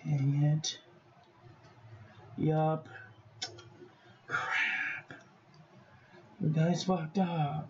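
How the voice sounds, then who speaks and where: A man vlogging about stationery, talking to himself in an expressive, profane way as he tests inks. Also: a little high, drawn-out words, long pauses, lo-fi sound, a little hiss or hum. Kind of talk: casual unboxing vlog.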